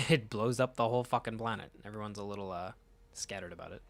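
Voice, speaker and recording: A man's voice: on the low side, fast, soft background music. A man casually reading through a comic and reacting, rambling, swearing freely and laughing often. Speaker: comic reader, channel host.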